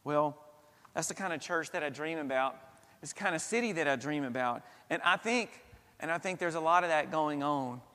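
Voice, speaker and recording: Male pastor, higher voice, earnest sermon with dramatic pauses, church reverb. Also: pushed and bright. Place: church sanctuary. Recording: long reverb of a church hall.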